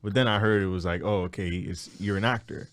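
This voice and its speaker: Young man, low voice, dry close sound, casual podcast chat, jokey and laughing. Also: fast, no echo. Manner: laughing, joking, acts out quoted voices. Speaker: podcast co-host.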